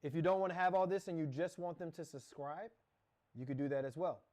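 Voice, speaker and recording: A man's voice: on the high side, a little fast, darkish tone. Rambling man talking through a screen tutorial. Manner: rambling, self-correcting, talks through clicks. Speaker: course instructor. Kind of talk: casual screen-share tutorial.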